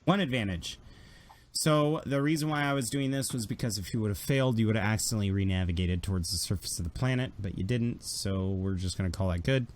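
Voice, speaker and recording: A man narrating a tabletop game as game master in a casual, animated storytelling way. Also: lowish voice, quick pace.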